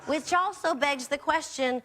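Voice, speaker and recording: A woman's voice: sits high, unhurried, heavy background noise. A woman hosting a comedy show, delivering a sarcastic, punchy monologue to a studio audience. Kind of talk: stand-up monologue.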